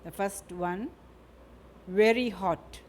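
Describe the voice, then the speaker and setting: A woman teaches vocabulary at an unhurried pace, saying each word and its example twice. She often closes a point with a tag question. Faint noise sits under her voice. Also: mid-range voice. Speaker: English teacher. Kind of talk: vocabulary lesson.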